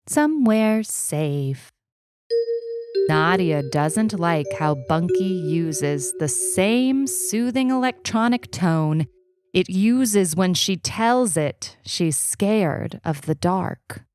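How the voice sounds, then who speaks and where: A woman narrating a short story in an unhurried, even storytelling manner. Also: fairly low pitch. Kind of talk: audiobook reading.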